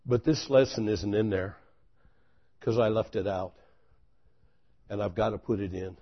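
A man's voice: medium pitch, husky. Dramatic preaching man, lo-fi sound. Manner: dramatic storytelling, swinging from loud exclamation to hushed intensity. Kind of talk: sermon.

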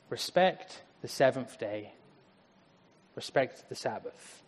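English guy with a high voice doing a chatty bible talk, lots of reverb in the room. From England. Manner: animated, conversational, acts out quick asides. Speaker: Bible teacher. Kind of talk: casual Bible teaching.

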